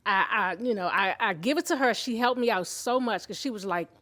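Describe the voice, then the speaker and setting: A woman in her fifties telling her own story of illness and faith, candid and emotional, in an expressive conversational way. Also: medium pitch, a little fast. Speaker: show host sharing her own story. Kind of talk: personal testimony in conversation.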